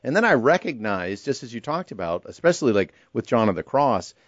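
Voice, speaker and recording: Brief: man radio co-host, animated storyteller, dry slightly dull sound. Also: medium pitch, a little fast, no room sound. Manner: animated, emphatic, chatty asides. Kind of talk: radio talk show chat. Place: radio studio.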